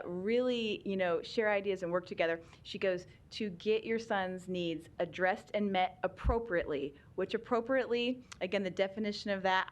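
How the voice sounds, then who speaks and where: A woman's voice: mid-range voice, fairly bright tone. A middle-aged woman in a legislative hearing, explaining special education rules in a chatty way with frequent laughs and fillers. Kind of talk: conversational testimony.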